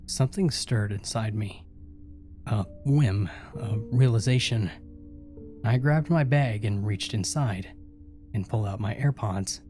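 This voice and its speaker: Lower-voiced man narrating horror stories. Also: a little slow, warm tone, faint music behind. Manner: voices each character in dialogue.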